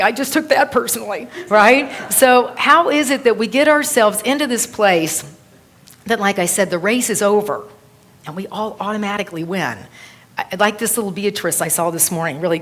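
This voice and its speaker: A woman minister giving a sermon to a congregation, telling stories and quoting others in an animated way. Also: mid-range voice. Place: church service with a congregation.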